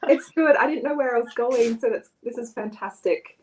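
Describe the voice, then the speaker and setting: A young woman writer on a video call panel, hesitant and quick to laugh. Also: a little high, a little hiss or hum, low-quality recording. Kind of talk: casual video call chat.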